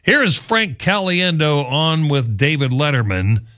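A male sports radio host chatting in a lively, amused way. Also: a little high, a little slow. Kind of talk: casual talk show commentary.

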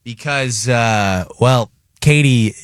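A man's voice: mid-range voice, slow, smooth, dry recording. Chatty male radio host, dry studio sound. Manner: chatty, animated, takes calls. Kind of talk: radio morning show chat. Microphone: studio mic.

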